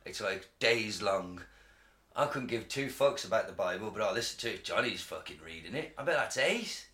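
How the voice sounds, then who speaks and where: A man's voice: fairly low pitch, animated, normal speed, a bit bright. A man co-hosting a casual podcast, swearing freely and breaking into sung snippets. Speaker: podcast co-host. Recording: roomy echo.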